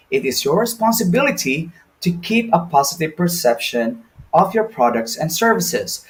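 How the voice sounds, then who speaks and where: A young adult man with a Filipino accent, teaching an online lesson in a loose, chatty way with many fillers and asides. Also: on the high side. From Philippines.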